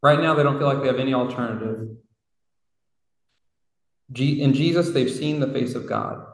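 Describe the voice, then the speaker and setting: Man, preacher, mid-pitched voice, reflective conversational sermon, long hall reverb. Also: moderate pace. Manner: reflective, conversational, with casual asides. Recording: roomy hall from far off.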